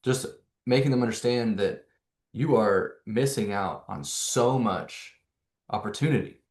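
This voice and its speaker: Man, low voice, energetic neuro coach, talks through rhetorical questions, echoey room. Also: measured pace. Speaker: neuro coach presenting to hosts. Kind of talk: animated explanatory talk.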